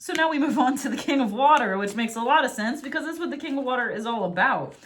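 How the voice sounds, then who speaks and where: A young adult woman giving a casual tarot reading, swinging between animated, swearing rants and soft, slow readings of affirmations from her card book. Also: high-pitched, a little hiss or hum. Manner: animated, swears freely, gets worked up then reads affirmations softly. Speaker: tarot reader.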